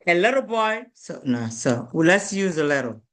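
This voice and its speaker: A woman's voice: on the low side, big pitch swings, normal speed. A woman teaching a beginner language lesson, repeating each word and checking in with "okay?".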